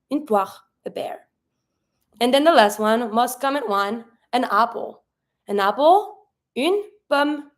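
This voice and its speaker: A woman teaching a French lesson, explaining pronunciation patiently step by step. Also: on the high side. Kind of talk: online language lesson.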